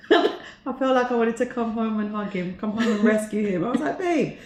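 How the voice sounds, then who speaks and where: A woman's voice: a little high, normal speed, darkish tone. A woman co-hosting, chatting casually and laughing as she adds to a faith story. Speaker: co-host. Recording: roomy echo.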